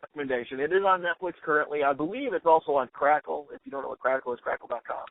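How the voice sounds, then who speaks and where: An enthusiastic man co-hosting a casual podcast chat, his pitch sitting a little high. He gushes and quotes lines with energy. The sound is thin and phone-like, with no room echo. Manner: excited, quick to quote lines. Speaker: podcast co-host. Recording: tinny phone-like sound, dry.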